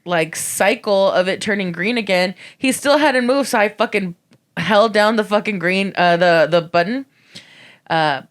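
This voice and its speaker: A woman's voice: mid-range voice, measured pace. Blunt swearing woman chatting on a podcast, tells stories. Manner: blunt, swears freely, storytelling. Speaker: podcast co-host. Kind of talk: casual chat.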